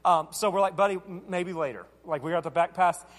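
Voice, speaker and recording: High-voiced preacher in a reverberant hall. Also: male voice, a little fast. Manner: animated, self-deprecating storyteller acting out dialogue. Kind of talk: storytelling sermon. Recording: long reverb of a large hall.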